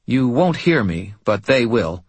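A man voicing a weary bald male medium who talks in a quiet, measured, rasping way. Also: mid-range voice, big pitch swings, no room sound, pitched above the performer's own voice. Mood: calm, focused.

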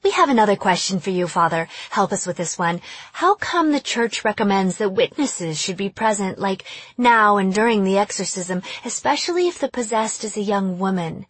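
A woman's voice: medium pitch, animated, slightly rough, no echo. A woman voicing a mocking teenage girl who acts possessed and fires sly questions. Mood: taunting. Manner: taunting, sly, rapid questioning.

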